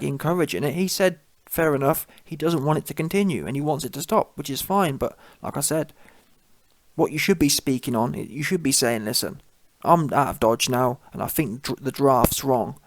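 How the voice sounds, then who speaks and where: A man's voice: on the high side, no room sound. Blunt mocking man, dry sound. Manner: blunt, mocking, laughs at own points. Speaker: channel host. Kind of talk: casual opinion monologue.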